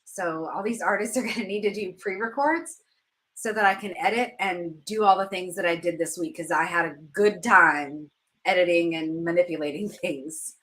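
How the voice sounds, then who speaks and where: A woman's voice: lowish voice, moderate pace, fairly bright tone. A woman hosting a show, telling a story in casual chat and laughing at herself as she goes. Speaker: podcast host.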